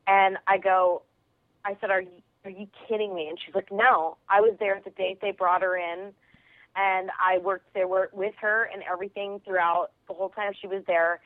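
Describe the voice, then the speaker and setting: A woman comedian tells a story with big energy and quick laughs, taking on the voices of the people she meets. Her voice comes through thin and tinny, like a phone line. There is no room sound around her. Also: medium pitch, dry recording. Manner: lively, quick, laughs easily, acts out voices in stories. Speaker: comedian and actress, interview guest. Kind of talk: animated storytelling over the phone.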